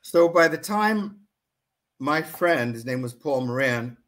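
A man's voice: fairly high pitch, animated, slow, a bit bright. A man, an author, reading from his book and then talking earnestly about it as a guest, with many restarts. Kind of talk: book reading and interview talk.

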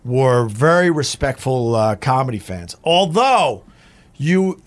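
A man's voice: mid-range voice, big pitch swings, takes it slowly. A middle-aged man, a former radio host, telling a rambling, profane story as a guest. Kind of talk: casual storytelling.

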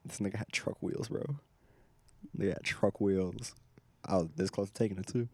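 A young man hosting a casual chat, telling animated, profane stories with plenty of laughs. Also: deep voice, moderate pace, gravelly, husky, dry recording. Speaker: podcast host.

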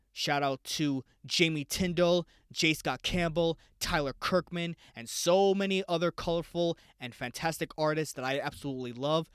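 A young man hosts a casual solo podcast in a fairly high voice, excitable and quick to swear as he talks straight to his listeners. The sound is dry and close, with no room around it. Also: clear, resonant tone, no room sound. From United States. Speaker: podcast host.

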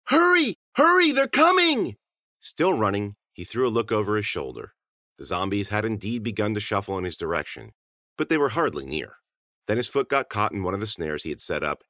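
A man reading scripted audiobook narration in animated, clipped sentences. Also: low voice, dry recording, studio quality.

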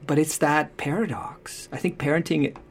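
Gravelly-voiced man giving parenting advice. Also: a little high, steady tone, normal speed. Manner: reflective, checks in often with "right?". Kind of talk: conversational advice.

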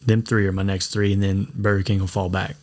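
A man's voice: low-pitched, level tone, brisk, a little mellow. A man hosting a podcast in casual chat, telling stories in a rambling way and laughing often. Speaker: podcast host.

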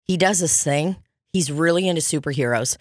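A woman's voice: low-pitched, a little fast, dry recording, studio quality. A woman co-hosting a casual comedy podcast, laughing often, swearing and acting out quotes. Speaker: podcast co-host.

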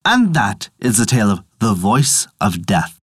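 Animated folk tale storyteller. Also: unhurried, husky, no room sound, studio quality. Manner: animated storytelling with wide pitch swings. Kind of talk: scripted narration of a folk tale.

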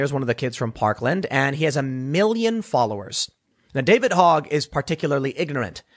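A man giving opinionated solo political commentary, animated and mocking, often restarting his words. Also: on the high side.

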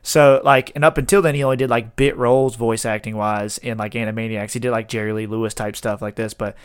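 A man in his thirties, hosting a podcast, chatting excitedly and rambling with frequent laughter. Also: lowish voice, fast, clear, resonant tone, no room sound. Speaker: podcast host. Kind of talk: casual chat.

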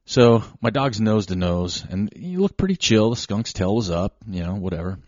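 A man hosting a show, telling a casual, rambling, self-deprecating story with animated asides. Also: lowish voice, moderate pace, dry recording. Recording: slightly dull lo-fi recording.

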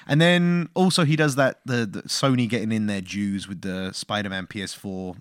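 A man co-hosting a casual film review podcast, animated and quick to laugh, often slipping into brief mock voices. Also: on the low side, dry recording, studio quality. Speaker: podcast co-host.

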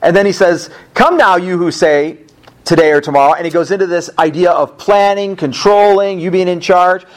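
A man's voice: sits high, normal speed. A male pastor preaching a sermon at a church service, emphatic, with rhetorical questions and casual asides.

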